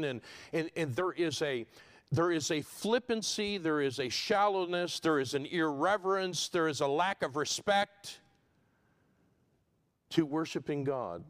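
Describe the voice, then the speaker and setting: A man preaching an expository sermon, building to loud emphatic peaks and dropping low and quiet, with a repetitive listing cadence. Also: normal speed, clean tone.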